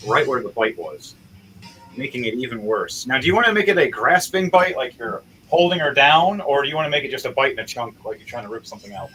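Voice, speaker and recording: A man's voice: medium pitch, big pitch swings, quick pace, sharp tone, poor audio. Profane man running a tabletop game. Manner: casual and profane, vivid gory narration. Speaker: game master. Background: background music.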